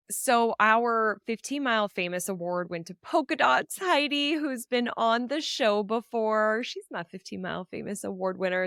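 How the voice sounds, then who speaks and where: A woman's voice: medium pitch, fairly bright tone, clean tone, no room sound. Woman, solo podcast host; heartfelt and upbeat; clean, dry close-mic sound.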